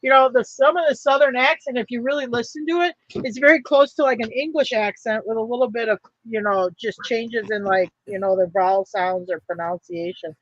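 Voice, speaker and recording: High, bright-voiced man teasing in chat. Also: brisk, few pauses, dry recording. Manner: laughing, teasing. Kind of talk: casual political chat. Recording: dull dry recording.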